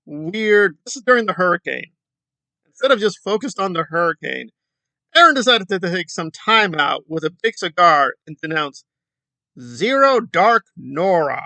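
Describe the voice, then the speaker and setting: A man's voice: on the high side, gravelly, bright, forceful tone, no room sound. A man giving sarcastic, mocking commentary on an online video feud. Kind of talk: reaction commentary.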